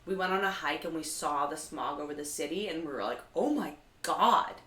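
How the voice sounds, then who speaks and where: A woman co-hosting a live comedy show, telling animated stories in casual chat, her voice jumping high when she gets excited. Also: fast talker. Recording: echoey room, mic at a distance.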